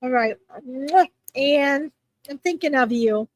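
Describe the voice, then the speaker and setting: A woman giving chatty, reassuring readings to viewers on a live stream, with lots of fillers and little pauses. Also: sits high. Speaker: psychic reader answering viewers.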